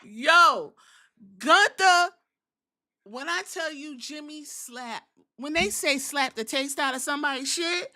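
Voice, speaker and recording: A woman hosting a podcast, recapping a wrestling show in animated, profane, storytelling chat. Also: high voice, normal speed. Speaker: podcast host.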